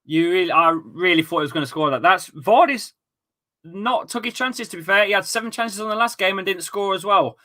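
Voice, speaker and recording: A young man with a bright, forceful voice calls a football match live for his viewers, chatting and reacting. He gets excitable and sometimes bursts into shouts and swearing. His pitch sits a touch high. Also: fast, hardly any pauses. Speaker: football watchalong host. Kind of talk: live match commentary and chat.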